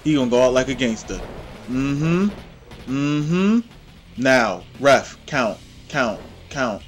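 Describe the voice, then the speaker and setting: A man hosting his own gameplay channel, giving excitable, trash-talking play-by-play commentary. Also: medium pitch, slow pace, soft background music.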